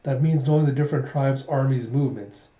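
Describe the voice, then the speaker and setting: A man's voice: medium pitch, a little fast, echoey room, highs cut off, natural voice. A man voicing a laid-back male former general who speaks in an easygoing, matter-of-fact way. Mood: calm.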